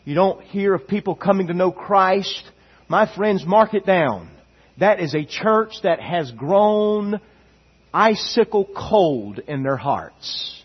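A male pastor delivers an impassioned sermon in a high, somewhat husky voice. He takes his time and builds emphasis by repeating phrases. The recording sounds dull and lo-fi. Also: slow.

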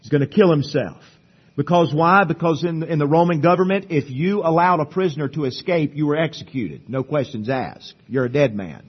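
A male pastor preaching a sermon at a church service, emphatic, swinging between loud declarations and hushed asides. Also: on the high side, brisk, slightly rough, dull audio.

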